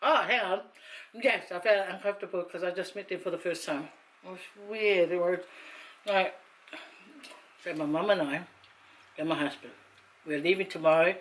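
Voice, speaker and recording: A woman from Samoa, chatting to camera in a rambling, self-mocking, emotional way while teary after crying. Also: lowish voice. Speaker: vlogger. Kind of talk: casual chat to camera.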